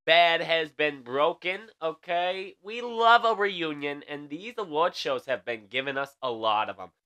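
A man's voice: a little high, lively intonation, a little slow, sharp tone. A young man hosting a comedic late-night celebrity news monologue, sassy and campy, tagging his jokes with "okay?".

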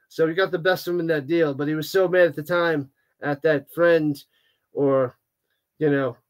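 A man with a fairly high voice hosts a live watch-party stream in a casual, chatty way. He reacts in an animated manner, with plenty of groans and exclamations, and greets viewers as they join. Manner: animated, exclaiming, groaning at bad card pulls. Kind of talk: casual livestream chat, reading viewer comments.

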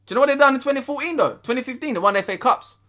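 Sweary, high-voiced young man ranting. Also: lively intonation, rapid-fire, sharp tone. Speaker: football fan vlogger. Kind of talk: angry fan rant.

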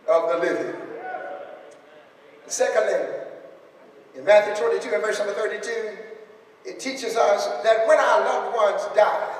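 A man preaching a funeral sermon, building up to shouted, emphatic repetitions. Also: high-pitched. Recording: echoey hall, distant mic.

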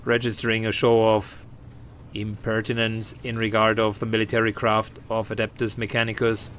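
A flat, formal machine-priest unit, read by a man playing a game. He reels off protocols and status updates in clipped, mechanical phrasing. The voice sits somewhat low, with a faint noise floor. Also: normal speed, close to an everyday voice. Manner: clipped, procedural, robotic phrasing.

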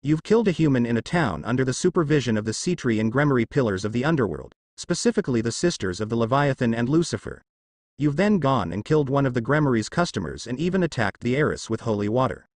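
A man reading a fanfic aloud, voicing a calm, menacing young male demon ninja who talks dryly and pleasantly. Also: mid-range voice, fast, no echo, close to an everyday voice. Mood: cool. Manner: dry, pleasant, quietly threatening.

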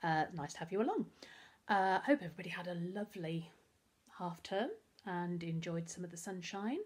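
A woman, a primary school teacher reading a children's novel aloud with expressive storytelling. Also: on the low side, moderate pace, husky.

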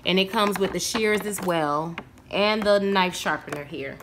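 A woman chatting casually to the camera at home, showing off a shopping haul and getting excitable over bargains while calling her viewers y'all. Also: medium pitch, measured pace, reverberant, noisy background. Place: room at home.

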